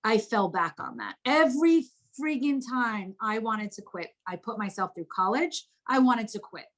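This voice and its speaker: A middle-aged woman from New Jersey, a guest telling her life story in a candid, expressive way, with casual swearing, from her home. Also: on the high side, normal speed.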